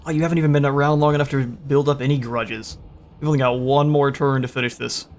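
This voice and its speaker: A man's voice: mid-range voice, steady tone, fast talker, slight background noise. A man casually commentating his own strategy game session, thinking aloud with frequent fillers and restarts. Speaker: gaming channel host.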